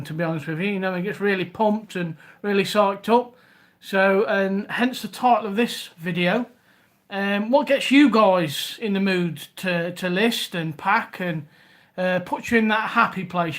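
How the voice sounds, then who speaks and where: A man's voice: high-pitched, moderate pace, a bit bright. A man with a Scouse accent from Liverpool, hosting a casual live stream and chatting to viewers by name. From Liverpool, England. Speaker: reseller livestream host.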